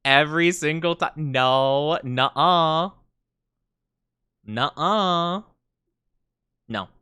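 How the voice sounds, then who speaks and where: A man's voice: fairly high pitch, drawn-out words, pushed and bright, clean tone, no room sound, clean studio sound. A young man streaming, chatting casually and reading chat aloud in a playful, mock-offended way with lots of fillers.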